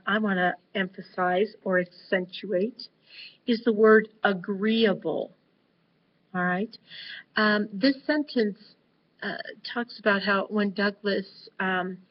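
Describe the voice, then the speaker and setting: Woman teacher going over vocab words real slow, lots of ums, kinda muffled lo-fi audio. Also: medium pitch, steady tone. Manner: slow, deliberate, with frequent fillers. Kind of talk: recorded vocabulary lesson. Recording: dull lo-fi recording with faint noise.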